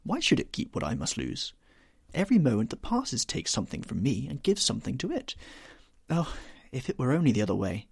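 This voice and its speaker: A man's voice: medium pitch, wildly swooping pitch, brisk, creaky, slightly rough, dry recording, studio quality, pitched above the performer's own voice, full character voice. A man reading the part of an anguished, vain young man who dreads growing old, pleading and rising to despair. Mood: impassioned.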